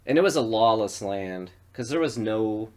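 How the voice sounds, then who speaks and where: A podcast co-host from western New York tells stories in a loose, cursing, animated way. His voice sits a little low for a man. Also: normal speed. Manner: profane, animated storyteller. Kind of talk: casual storytelling chat.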